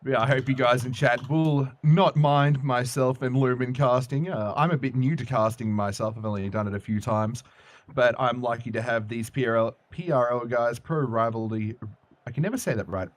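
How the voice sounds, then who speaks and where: A man casting a video game match as play-by-play commentator, jokey and excitable. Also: medium pitch, moderate pace. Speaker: esports caster. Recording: music playing behind.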